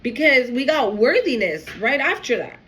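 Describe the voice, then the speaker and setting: A woman's voice: sits high, very animated, normal speed, a bit bright, rough recording. A woman doing a casual spiritual tarot reading, emotional and swearing freely as she talks straight to the viewer. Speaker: tarot reader.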